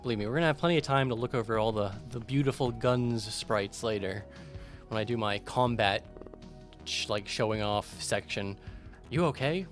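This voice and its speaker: A man casually commentating a video game on a live stream, relaxed and rambling. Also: lowish voice, normal speed, soft background music. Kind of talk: casual let's-play commentary.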